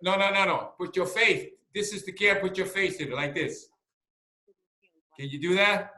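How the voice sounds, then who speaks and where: A man hosting a casual video-call interview, teasing his guest with drawn-out either-or questions in an excitable manner. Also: high-pitched, roomy sound. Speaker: channel host.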